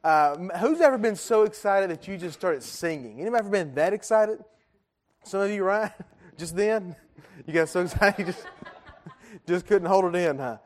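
A pastor in a church sanctuary gives a chatty, conversational sermon in a high voice with lively intonation at a moderate pace. He jokes with the congregation, asks them questions, and uses lots of fillers.

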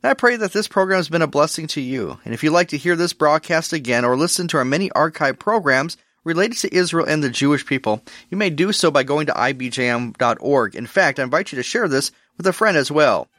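Lively earnest male radio preacher. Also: fairly high pitch, no echo. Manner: measured, earnest reading of scripture. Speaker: radio ministry host. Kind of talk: scripted religious radio teaching.

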